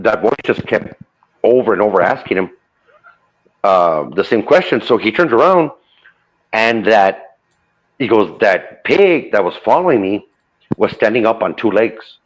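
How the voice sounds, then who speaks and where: A man casually retelling a true ghost story, relaying the dialogue with lots of "I go" and "he goes.". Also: lowish voice. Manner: loose retelling full of "I go" and "he goes". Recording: dull lo-fi audio.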